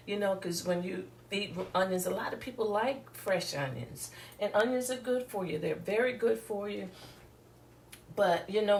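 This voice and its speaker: A woman's voice: medium pitch, vocal fry, a little mellow, slight background noise. A woman giving a casual, chatty cooking demonstration and talking straight to viewers in a rambling way. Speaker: home cook. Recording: echoey room, voice from a distance.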